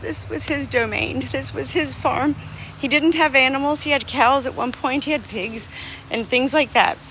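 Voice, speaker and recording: A middle-aged woman talks into her phone outdoors on a small farm, rambling in a warm, sentimental way and laughing often. Crickets and insects hum faintly behind her, with a light outdoor noise. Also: sits high, moderate pace, poor audio. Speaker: hobby farmer streaming live. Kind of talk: rambling live-stream chat.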